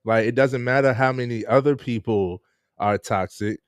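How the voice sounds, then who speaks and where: A man's voice: medium pitch, moderate pace, smooth, no room sound. A man hosting a casual live-stream interview, laid-back and laughing often as he greets viewers. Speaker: host.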